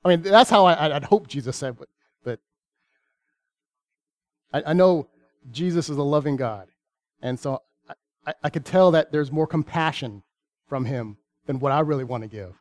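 A man preaching a sermon, reading scripture aloud with earnest, deliberate pauses. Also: fairly high pitch.

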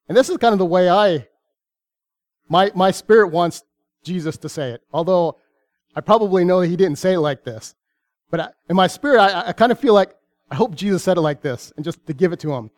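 A man preaching a sermon, reading scripture aloud with earnest, deliberate pauses. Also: sits high, animated, a little mellow.

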